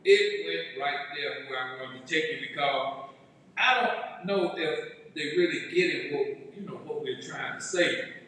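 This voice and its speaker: A male pastor preaching a sermon, building to shouted emphasis on key phrases. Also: on the high side, a little slow, slight background noise. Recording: echoey hall, far from the mic.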